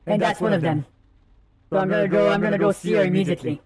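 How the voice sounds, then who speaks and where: A man's voice: high-pitched, fairly even intonation, quick pace, noisy background. A man streaming a game, casually chatting and reading the game's text aloud.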